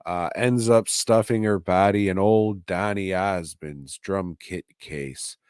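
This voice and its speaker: Low-voiced dude rambling through a recap at home, slow and sweary, dry close sound. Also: male voice, a little mellow, smooth, no room sound. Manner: profane, offhand, slow and drawling. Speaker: podcast host reviewing a TV episode.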